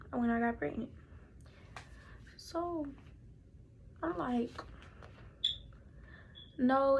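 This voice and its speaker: A woman's voice: fairly high pitch, a little mellow, slightly rough. A young woman telling a personal story in a casual, chatty way, talking directly to her viewers. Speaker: vlogger.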